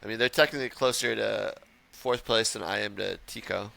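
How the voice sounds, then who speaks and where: A man hosting a casual podcast chat, relaxed and thinking aloud with fillers. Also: lowish voice, fairly quick, gravelly. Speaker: podcast host.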